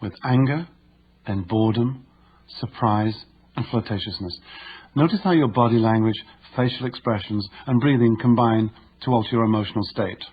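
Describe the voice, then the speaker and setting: A man narrating a nonfiction audiobook in a measured, instructive way. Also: on the low side, muffled recording, slight background noise.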